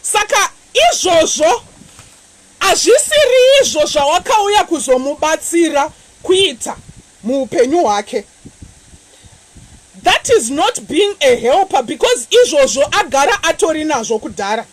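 A woman evangelist, preaching a sermon with animated, repetitive emphasis. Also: high voice, unhurried, low-quality recording. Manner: animated preaching, repeating phrases.

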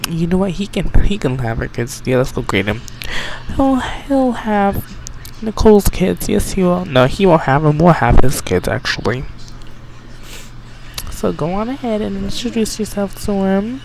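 A man giving excitable, chatty let's play commentary, bossing his game characters around. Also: high-pitched, moderate pace, creaky. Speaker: game streamer. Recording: noisy home recording.

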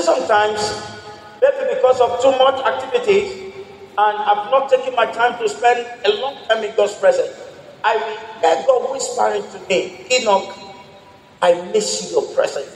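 High-voiced pastor preaching in an echoing hall. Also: male voice. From Nigeria. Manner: emphatic preaching with call-and-response. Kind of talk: sermon. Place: large church hall. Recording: echoey church hall, mic at a distance.

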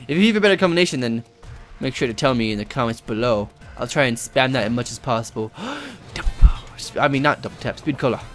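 A young man giving live gameplay commentary, excitable and rambling, swearing and yelping often. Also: mid-range voice, quick pace, soft background music.

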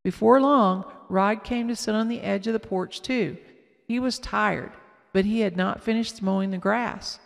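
Woman reading a kids story aloud, careful and slow, raspy fry, long reverb. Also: medium pitch.

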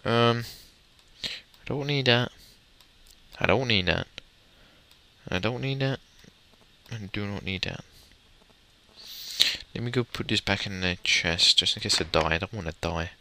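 Bright gravelly young man gaming. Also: lowish voice, measured pace, long pauses. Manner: rambling, muttering to himself, mild swearing. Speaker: gamer commentator. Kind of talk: casual gameplay commentary.

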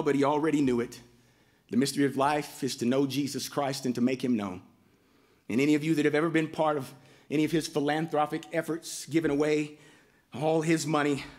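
A man, a pastor, giving a heartfelt storytelling eulogy at a memorial. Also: mid-range voice. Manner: heartfelt, storytelling, breaks into lively voiced quotes.

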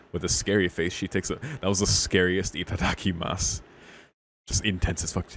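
A man's voice: low-pitched, normal speed, a little hiss or hum. A man reading a visual novel aloud, breaking off into swearing, laughing commentary between the lines. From United States. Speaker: visual novel let's player. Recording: music playing behind the voice.

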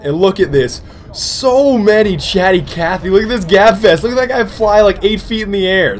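Animated young man joking through gameplay. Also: fairly high pitch, a little hiss or hum. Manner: goofy, joking, excitable. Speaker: gaming commentator. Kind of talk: playful gameplay commentary.

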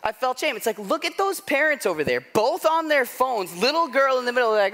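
A man's voice: extremely high pitch, big pitch swings, brisk, few pauses, pushed and bright. A middle-aged man preaching a sermon, telling a self-deprecating story in a loose conversational way, often asking "right?". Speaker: pastor.

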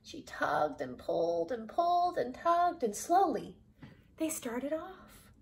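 A woman's voice: sits high, sing-song, slow, creaky. A woman reading a children's storybook aloud, adding laughing asides to her listeners. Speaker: storybook reader.

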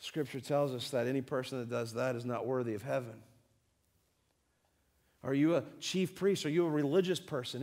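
A man preaching a church sermon, full of rhetorical questions, swinging between loud emphasis and quiet, low-key appeals. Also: normal speed. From southern United States. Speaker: pastor. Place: church sanctuary.

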